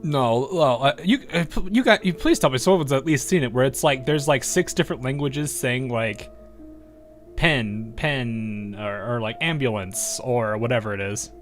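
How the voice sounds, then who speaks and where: A man's voice: medium pitch, normal speed, faint music behind. An American man giving casual commentary while playing a game, rambling into asides and laughing often. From United States. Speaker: game streamer.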